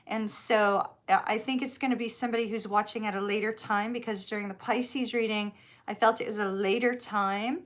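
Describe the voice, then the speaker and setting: A middle-aged woman with a Southern US accent, chatting warmly through a live tarot reading and drawing out her words. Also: medium pitch, steady tone. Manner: chatty, bubbly, drawn-out words. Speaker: tarot reader.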